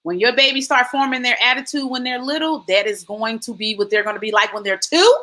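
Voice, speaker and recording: A woman in her forties hosting a casual chat, telling lively stories and acting out quotes. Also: on the high side, fairly quick, poor audio. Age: 40s. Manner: animated storytelling, acts out quotes. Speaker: host.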